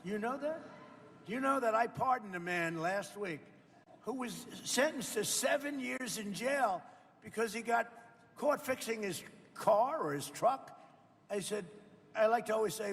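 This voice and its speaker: Older guy politician riffing off the cuff, high-ish gravelly voice, boasty, reverby room. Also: normal speed, a bit bright. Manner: rambling, boastful, chatty asides to the audience. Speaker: president speaking at a farmers' roundtable. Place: indoor roundtable event.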